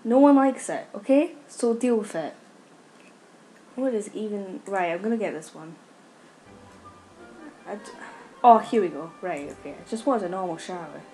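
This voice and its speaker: A woman's voice: medium pitch, animated, normal speed, long pauses, warm tone, faint music behind. A young woman commenting on a life-sim game, scolding her characters in exasperation. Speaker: gaming YouTuber. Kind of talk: casual Let's Play commentary.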